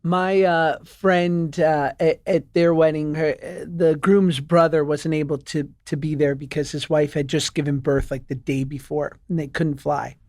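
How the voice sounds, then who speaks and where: A man in his thirties co-hosting a comedy podcast, telling stories in a casual, animated way. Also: a little high, measured pace, few pauses, dry recording, studio quality. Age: 30s. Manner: animated storyteller, breaks into laughing sung bits. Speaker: podcast co-host.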